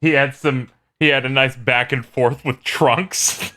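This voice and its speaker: A man's voice: mid-range voice, fairly even intonation, a little slow, pushed and bright. A man co-hosting a podcast, chatting casually with enthusiasm and laughter. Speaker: podcast co-host. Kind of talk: casual chat.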